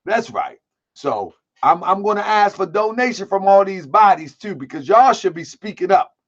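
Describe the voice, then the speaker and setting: A man's voice: high-pitched, expressive, normal speed. A man hosting an online commentary show, talking in a heated, repetitive way with streetwise slang. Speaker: host. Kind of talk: casual commentary. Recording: dull lo-fi sound.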